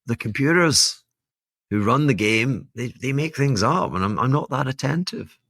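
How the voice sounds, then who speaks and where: A man's voice: mid-range voice, animated, moderate pace, a bit bright, no echo, clean studio sound. A man hosting a solo podcast, giving rambling, wry, self-mocking market commentary with laughing asides. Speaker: podcast host.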